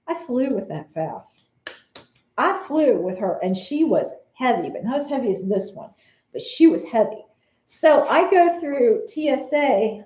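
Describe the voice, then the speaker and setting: A woman chatting casually with viewers on a live vlog, animated and laughing often as she reads comments. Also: on the high side. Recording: roomy, dull lo-fi sound.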